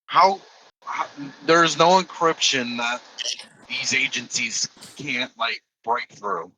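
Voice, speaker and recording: A man's voice: mid-range voice, lively intonation, slow pace, sharp tone, slight background noise, poor audio. A man co-hosting a casual group podcast chat, talking in a laid-back, slangy way. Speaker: podcast co-host.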